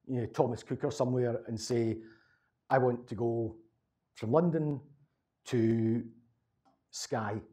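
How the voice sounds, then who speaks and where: Rambling Glaswegian man with mellow voice. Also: medium pitch. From Scotland. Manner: rambling, conversational, repeats words. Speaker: local historian giving a talk. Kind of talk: casual talk answering audience questions.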